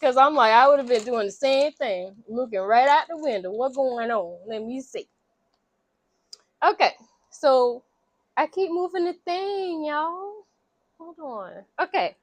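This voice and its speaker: A woman casually retelling a movie plot in slangy, animated storytelling, acting out the characters' lines. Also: high voice, a little slow, dry recording. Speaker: vlogger recapping a movie.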